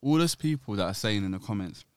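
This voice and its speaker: A young man on a podcast, sharing his opinions in quick bursts. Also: on the low side, expressive, clean tone, no room sound, clean studio sound. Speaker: podcast co-host. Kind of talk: casual chat.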